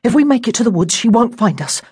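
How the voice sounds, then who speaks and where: A woman's voice: lowish voice, animated, moderate pace, a little mellow, slightly rough. A woman voicing an irritable boy who mutters and growls at his little sister, in a storybook reading. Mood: annoyed.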